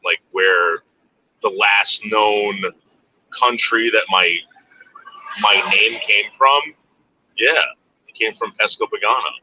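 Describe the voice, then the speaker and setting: A man's voice: on the low side, takes it slowly, long pauses, bright, forceful tone, slight background noise, rough recording. A man from the United States hosting a livestream, talking in a crude, meandering, offhand way. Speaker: livestream host. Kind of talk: casual rambling monologue.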